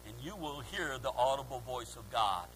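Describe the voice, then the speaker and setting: A man preaching a fervent sermon as pastor, swinging between quiet, drawn-out lines and shouted calls. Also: mid-range voice, expressive, rough recording.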